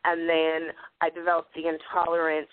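A woman's voice: deep voice, monotone, normal speed. Woman, radio host, casual chat, laughs often, phone-line audio. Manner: chatty, laughs often, many fillers.

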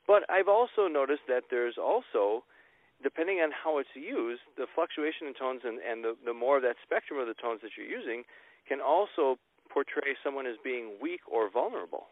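Man, interview host, halting, rephrases often, tinny phone sound, mid pitch. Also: animated, no echo. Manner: thinks aloud with many restarts. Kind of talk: interview conversation. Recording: tinny phone-like line, dry.

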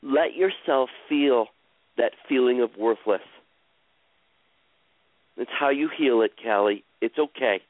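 Man, live coaching, slow soothing repetitive guidance, tinny phone-like sound, dry. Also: medium pitch, no echo. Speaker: host coaching a caller.

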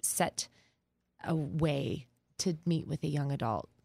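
A woman speaks as a therapist and guest host, measured and thoughtful as she works through her explanations with care. Her voice is on the low side and dry, recorded close with no room around it. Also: vocal fry, warm tone, dry recording. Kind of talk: conversational interview talk.

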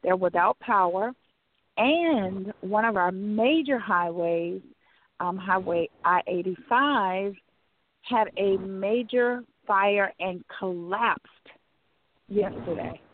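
A woman's voice: mid-range voice, takes it slowly. A woman co-hosting live talk radio, chatty and effusive, stretching out words for emphasis. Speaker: radio show co-host. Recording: phone-like call-in line.

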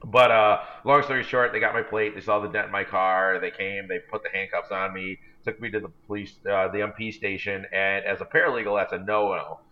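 On a podcast he co-hosts, a man spins a long, rambling, self-deprecating story in casual chat. His lowish voice stays steady as he talks briskly with hardly a pause. The recording is dull and lo-fi.

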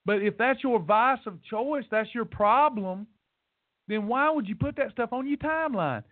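Speaking at a moderate pace in an extremely high pitch, a man hosts a weight loss podcast and lectures his listeners. His preachy motivational rant is blunt and scolding, with points repeated for emphasis. The tinny, phone-like recording has no echo.

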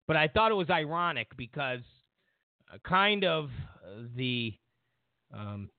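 A man's voice: a little high, sing-song, measured pace, dry recording. A man hosting a political commentary show, rambling with many fillers and restarts and mimicking others mockingly. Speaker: show host. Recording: dry tinny phone-like sound.

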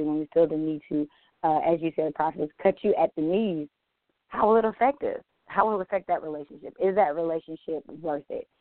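A woman's voice: on the low side, no room sound. Woman on a tinny phone line. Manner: candid, animated storytelling with quoted asides. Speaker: panelist. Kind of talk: church women's panel discussion.

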